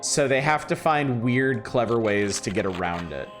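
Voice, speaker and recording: A man's voice: medium pitch, animated, moderate pace, faint music behind. A man streaming a game live, reacting and commenting in a casual, enthusiastic way. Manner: reactive, easily startled, enthusiastic.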